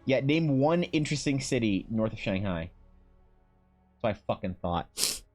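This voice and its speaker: A man's voice: mid-range voice, lively intonation, moderate pace, darkish tone, faint music behind. Profane joking Canadian man streaming. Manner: profane, joking, reading chat aloud. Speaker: streamer and artist. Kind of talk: casual live-stream chat.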